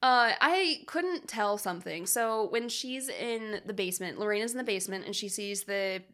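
A woman's voice: medium pitch, expressive, normal speed, a bit bright. A woman co-hosting a podcast, chatting casually and playfully about a horror film, laughing often. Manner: giggly, playful, quotes scenes in funny voices. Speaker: podcast co-host.

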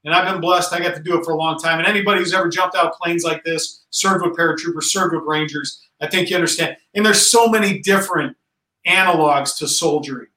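A man in his forties with a high, bright voice talks about command with emphatic conviction, pressing his points home. He is a bit distant from the mic, and the room gives a noticeable echo. His delivery feels earnest and conversational. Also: steady tone, quick pace. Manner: emphatic and earnest, rising in pitch as he stresses points. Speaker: Army general, podcast guest. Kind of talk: conversational interview talk.

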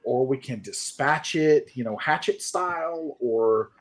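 A man's voice: medium pitch, measured pace. A man playing in a tabletop horror game, talking in a rambling, hedging, playful way. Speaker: player. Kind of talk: in-character tabletop play.

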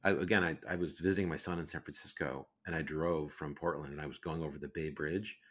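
A middle-aged man telling rambling, animated anecdotes as a guest on a podcast. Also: very deep voice, fast talker. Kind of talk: casual storytelling.

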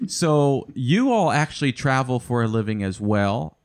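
A man's voice: medium pitch, lively intonation, a little slow. A man hosting a family podcast over a video call, joking and teasing his guests. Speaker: podcast host. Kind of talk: casual chat.

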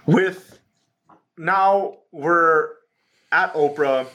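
A man interviewing a guest, asking questions in a halting way. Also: a little high, bright, forceful tone.

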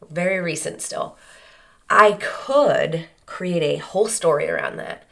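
A woman hosting a solo podcast, talking in an earnest, conversational way with many rhetorical questions. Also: on the low side. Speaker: podcast host. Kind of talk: reflective solo podcast monologue.

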